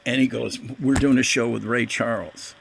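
An older man with a gravelly voice, telling a story as a guest musician in a casual interview and acting out the voices of the people in it. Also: mid-range voice, normal speed. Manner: animated, acts out quoted voices.

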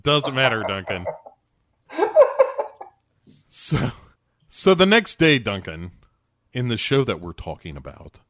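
Recapping a TV show in casual podcast chat, this man animatedly delivers characters' lines in bursts and swears a lot. His mid-range voice takes things slowly with long pauses, in echo-free studio-quality audio.

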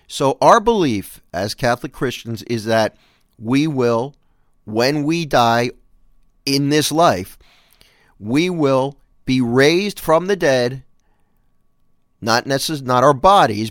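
A man's voice: medium pitch, no echo, clean studio sound. A man hosting a show, reading scripture aloud and reflecting on it in an earnest, emphatic way. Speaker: host.

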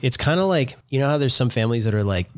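A man in casual chat among friends, swearing often and telling stories with animated asides. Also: medium pitch, fast. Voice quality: profane, animated storyteller.

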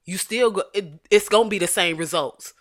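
A woman speaking in a profane, comedic rant, jumping from shouting to low asides. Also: normal speed.

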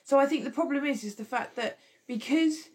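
A woman's voice: high-pitched, brisk, a little mellow. A woman co-hosting a casual chat, sharing anecdotes in a chatty way. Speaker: podcast co-host.

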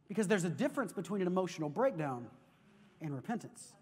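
A man preaching a sermon as pastor, telling stories in an animated way and often repeating words as he goes. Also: high-pitched, quick pace, slightly rough. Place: church sanctuary. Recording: long reverb of a large hall.

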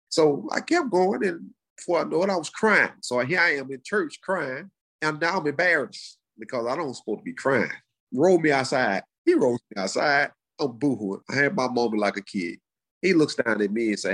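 A middle-aged man, telling his life story in a casual, animated way. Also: normal speed, breathy edge. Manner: animated, acts out quoted voices in high pitch. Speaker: guest sharing his testimony. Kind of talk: conversational storytelling.

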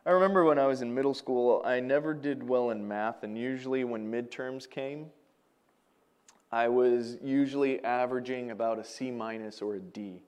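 A male pastor preaching a sermon, telling stories with animation and swinging between loud emphasis and quiet asides. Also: medium pitch, moderate pace, clean tone.

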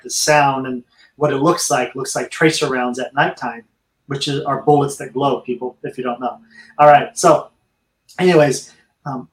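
A man's voice: mid-range voice, a bit bright. A man telling his own story candidly in a casual interview, speaking openly to the listeners. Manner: earnest, candid storyteller addressing listeners as friends. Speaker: interview guest. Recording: echoey room.

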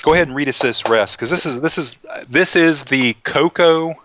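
A man's voice: fairly high pitch, moderate pace, a bit bright, a little hiss or hum. A man co-hosting a cooking show, chatting in a folksy, easygoing way. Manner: folksy, chatty, tells jokes with voices. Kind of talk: casual cooking talk.

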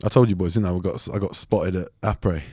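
A man's voice: low-pitched, fairly even intonation, brisk, darkish tone, slightly rough, no room sound, studio quality. A young man co-hosting a podcast, chatting casually and animatedly, often mimicking other people. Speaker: podcast co-host. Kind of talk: casual chat.

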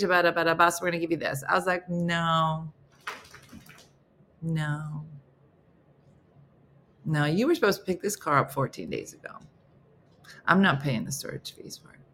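Animated woman telling a story. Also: slight background noise. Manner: animated, acts out both sides of phone calls with big pitch jumps. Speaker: morning show host. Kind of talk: casual storytelling chat.

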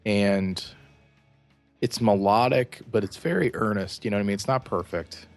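A man co-hosting a music podcast, speaking casually in halting bursts with many fillers and restarts. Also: fairly low pitch. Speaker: podcast co-host. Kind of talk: casual album review chat.

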